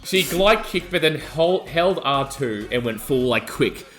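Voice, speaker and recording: A young adult man, co-hosting a podcast and telling a wild story in excitable casual chat. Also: medium pitch, a little slow, faint music behind. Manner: animated, excitable storytelling, yelling out quoted lines. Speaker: podcast co-host.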